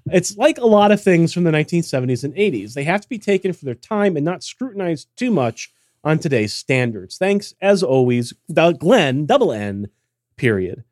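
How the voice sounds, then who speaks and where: A man's voice: fairly high pitch, very animated, moderate pace, darkish tone, dry recording. A man co-hosting a casual podcast, reading listener emails with dry, teasing humor. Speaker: podcast co-host.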